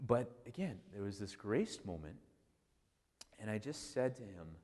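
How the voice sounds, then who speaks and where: A man, a priest, giving a casual, animated storytelling talk full of restarts and "like". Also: on the low side. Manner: animated, conversational, many restarts and "like". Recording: long hall reverb.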